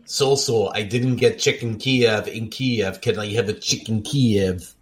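A man chatting casually with friends while they watch a movie, joking around and slipping into quick impressions. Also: lowish voice, fairly even intonation. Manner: jokey, does quick impressions.

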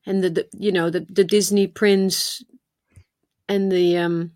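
A woman's voice: on the low side, little pitch movement, a little slow, a little mellow, dry recording, studio quality. Dutch-accented woman chatting on a podcast. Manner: hesitant, searching for words. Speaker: podcast co-host. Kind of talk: casual conversation.

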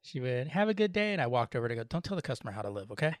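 A man's voice: mid-range voice, expressive, racing, no echo, studio quality. A middle-aged man telling a story in easygoing podcast chat, laughing often. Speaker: podcast co-host. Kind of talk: casual chat.

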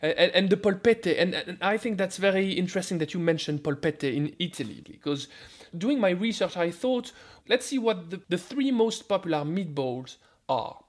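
A man's voice: high voice, lively intonation, normal speed, few pauses. A man with a French accent, a food scientist guest on a radio show, talking animatedly and often repeating words as he starts a sentence. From France. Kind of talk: radio interview.

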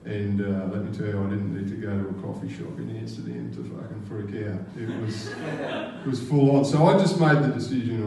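A man's voice: on the low side, normal speed, hardly any pauses, darkish tone, a little hiss or hum. An Australian man telling a true story on stage at a live event, rambling and casual and swearing freely. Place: live arts venue stage. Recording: roomy live hall from a distance.

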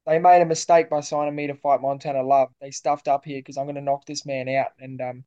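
A man's voice: medium pitch, brisk, clean tone, highs cut off. An Australian man, a boxer, talking casually and confidently in an interview, calling his host mate. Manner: relaxed, matey, confident.

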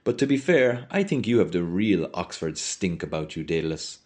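A man voicing a boisterous, mocking young Irishman who talks loudly and theatrically. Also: low voice, animated, normal speed. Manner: loud, theatrical, teasing.

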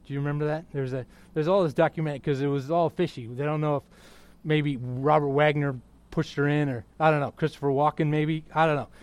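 A little fast and a little high, the middle-aged pastor's sermon bursts into yelling at moments before settling back into a quiet, intimate register, his manner excitable throughout.

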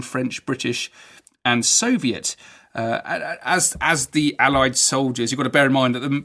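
A man hosting a history podcast, explaining events in an enthusiastic, conversational way with frequent halting restarts. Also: medium pitch, a bit bright. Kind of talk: educational podcast narration.

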